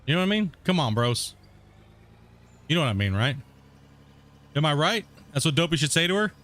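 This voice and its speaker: A man's voice: a little high, big pitch swings, brisk, fairly bright tone. A man streaming a game, ranting to his viewers in casual chat and swearing a lot. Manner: heated ranting, swears often. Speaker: gaming streamer.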